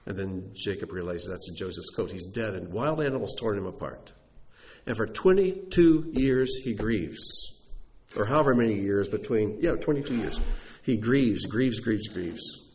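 A man's voice: on the low side, normal speed, a little mellow, slight background noise. A man preaching a sermon who tells stories with emphasis and asks rhetorical questions.

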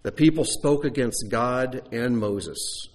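A man's voice: mid-range voice, slow. A man teaching a sermon in a conversational way, asking the listeners rhetorical questions. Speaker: Bible teacher.

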